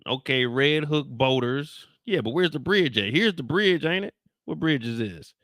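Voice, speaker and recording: Young guy streaming, swears a lot, bright and lively. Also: fairly high pitch, moderate pace, no echo, studio quality. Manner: animated, exasperated, swears freely, talks to chat. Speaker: show reaction streamer. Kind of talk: casual livestream chat with viewers.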